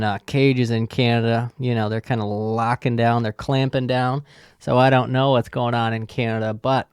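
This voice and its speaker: A man rambles through casual podcast talk, swearing constantly and joking as he goes. His voice has a gravelly edge but stays smooth and resonant. The sound is dry and close, with no room around it. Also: mid-range voice, darkish tone, no echo. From United States. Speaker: podcast host.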